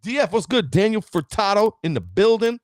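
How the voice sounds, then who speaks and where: A man's voice: sits high, big pitch swings, fairly quick, no echo, studio quality. A man giving a live-streamed motivational talk, emphatic and preachy, often asking "right?" and greeting viewers by name. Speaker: motivational speaker.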